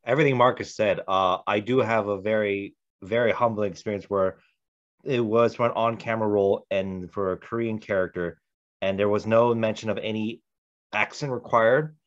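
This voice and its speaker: A man who works as a voice actor, speaking on a casual panel as an animated storyteller who gives direct advice. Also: on the low side, moderate pace. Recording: dull lo-fi audio.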